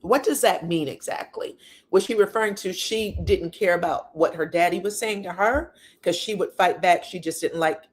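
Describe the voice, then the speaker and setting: A woman's voice: fairly low pitch, normal speed. A woman giving a sassy, casual recap of reality TV drama, full of rhetorical questions and blunt asides. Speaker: reality TV commentator.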